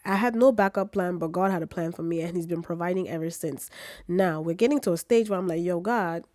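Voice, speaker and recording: A woman in her twenties with a British accent talks in a casual vlog while she has a cold. Her voice sits a little low and sounds dry and close. She keeps the story animated and jumps up in pitch whenever she acts out what she or others said. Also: a little fast, no echo. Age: 20s. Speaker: vlogger.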